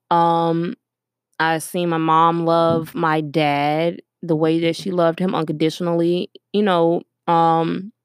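Young woman, podcast host, low voice, earnest and reflective, lots of ums, dry close sound. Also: clean tone, no room sound. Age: young adult. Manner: earnest, reflective, many ums and you-knows. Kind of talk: casual solo podcast monologue. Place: at her workplace store.

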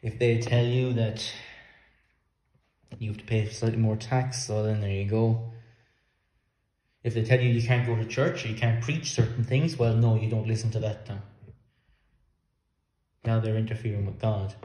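Earnest preacher man, mellow voice, echoey room. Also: on the low side, fairly even intonation, normal speed, pauses often. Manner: earnest, emphatic, with repeated words. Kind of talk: sermon.

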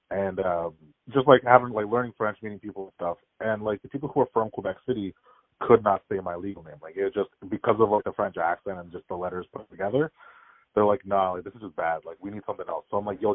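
Guest voice: fast, lower young man, tinny call audio, dry. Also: no room sound. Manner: rapid storytelling, frequent "like" fillers. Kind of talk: casual podcast chat. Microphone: remote call.

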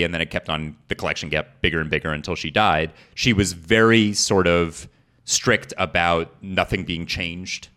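A young man co-hosting a podcast, relaxed and explanatory as he tells the story, correcting himself along the way. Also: low voice. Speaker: podcast co-host presenting the story. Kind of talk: casual storytelling chat.

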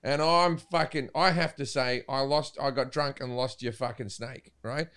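A man with an Australian accent telling loud, swear-filled anecdotes in casual podcast chat. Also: mid-range voice, fairly even intonation, normal speed, clean tone. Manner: loud, swearing, does silly voices in anecdotes. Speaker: podcast guest. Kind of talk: casual storytelling.

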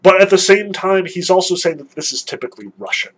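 A man's voice: sits high, animated, fast, a little hiss or hum, rough recording. A man giving a literature lecture, explaining in an emphatic, conversational way.

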